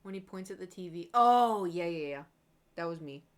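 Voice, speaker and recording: A woman's voice: lowish voice, moderate pace. Young woman streamer rambling animatedly. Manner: rambling, animated storytelling, quotes herself with exclamations. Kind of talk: casual chat while painting on a live stream.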